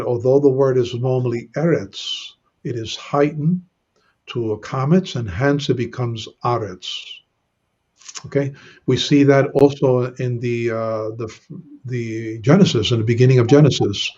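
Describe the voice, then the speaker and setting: A man patiently explaining Hebrew grammar in an online lesson, often pausing with "uh" and "okay". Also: mid-range voice, a little mellow, highs cut off. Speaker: Bible Hebrew grammar teacher.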